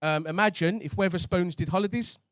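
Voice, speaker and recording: A man's voice: high-pitched, fairly quick, no echo. A male stand-up comedian, chatting with and teasing a live crowd from a club stage.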